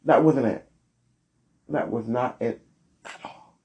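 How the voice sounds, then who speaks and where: A man hosting a solo podcast, giving blunt, sassy opinions with big swings in pitch. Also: takes it slowly, darkish tone. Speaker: podcast host.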